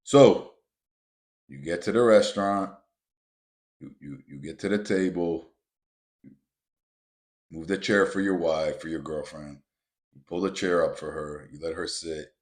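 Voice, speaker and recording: Deep low-voiced guy doing a motivational podcast, blunt, cusses a lot, keeps calling everyone guys. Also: a little slow, pauses often. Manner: blunt and emphatic, swears freely, addresses listeners as "guys". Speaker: podcast host.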